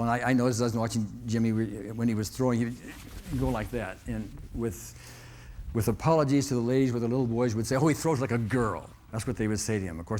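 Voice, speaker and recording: A man's voice: fairly low pitch, darkish tone. A man telling a long personal story to an audience in a folksy way, often chuckling and checking in with "okay?". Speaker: motivational speaker.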